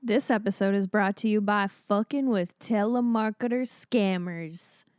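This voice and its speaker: A woman, co-hosting a podcast and telling an animated story in casual chat, full of "like". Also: medium pitch, unhurried, clear, resonant tone, dry recording, studio quality. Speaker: podcast co-host.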